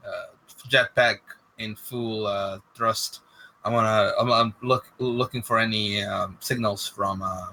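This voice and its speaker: A man playing a tabletop game, describing his character's actions with halting restarts. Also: lowish voice, pushed and bright. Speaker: player. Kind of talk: tabletop role-play.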